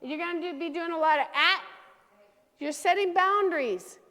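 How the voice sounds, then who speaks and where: High-voiced woman coaching a dog class. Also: normal speed, pushed and bright, long reverb tail. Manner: coaching, checks in with frequent "okay?". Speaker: dog trainer. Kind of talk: teaching a dog training class.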